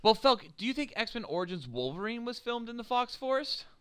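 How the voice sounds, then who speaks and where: A man's voice: very high voice, sing-song, a little fast, fairly bright tone, clean tone. A young man co-hosting a podcast in casual chat, joking and swearing freely. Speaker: podcast co-host.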